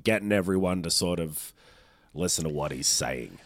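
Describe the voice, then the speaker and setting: A man's voice: low voice, expressive, moderate pace, no echo, clean studio sound. A man co-hosting a podcast, chatting casually, swearing freely and acting out what people say. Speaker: podcast co-host. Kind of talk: casual chat.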